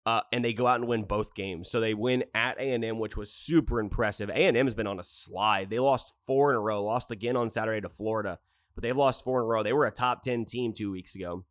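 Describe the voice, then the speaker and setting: A man's voice: lowish voice, fairly even intonation, quick pace, no echo. A man co-hosting a sports podcast, chatting loosely and laughing as he rambles through stories and picks. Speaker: podcast co-host. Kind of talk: casual sports podcast chat.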